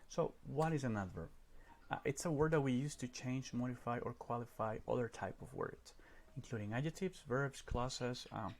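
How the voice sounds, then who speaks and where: A man's voice: medium pitch, a little hiss or hum. A man teaching a recorded grammar lesson over slides, explaining step by step and often checking in with "right?".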